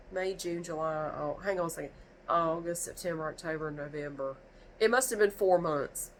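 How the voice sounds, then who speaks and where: A woman's voice: fairly low pitch, slight background noise, rough recording. Exasperated woman ranting with a stuffy nose. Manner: exasperated, animated, rambling with restarts. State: stuffy from sneezing. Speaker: vlogger. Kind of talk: casual storytime rant.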